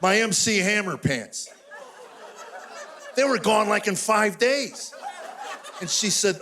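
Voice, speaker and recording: An older man performing live stand-up comedy on stage, telling rapid-fire stories with exasperated punchlines. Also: sits high, expressive, sharp tone, slight background noise. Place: stage before a live audience.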